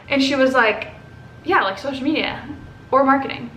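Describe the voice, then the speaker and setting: A young woman from Texas telling a story to camera in a casual, animated way, swearing and acting out what others said. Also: high-pitched, fairly quick. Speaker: vlogger. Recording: echoey room with faint ambient noise.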